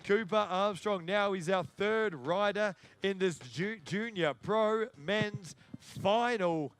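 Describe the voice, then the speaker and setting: A man giving excitable live sports commentary and hyping up the crowd. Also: high-pitched, slow, smooth. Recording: faint music in the background.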